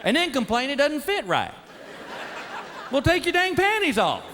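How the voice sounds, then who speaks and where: A man's voice: very high voice, huge pitch swings, normal speed, a little hiss or hum. A man performing a stand-up set on stage, telling exasperated, folksy stories and acting out his wife and himself. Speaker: stand-up comedian. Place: large theater with a laughing audience. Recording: live show with loud crowd laughter.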